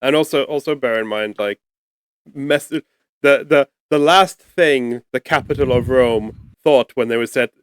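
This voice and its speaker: A man acting as game master, chatty and quick to laugh as he narrates. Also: medium pitch, clean tone, dry recording, clean studio sound. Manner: chatty, laughs often, many restarts.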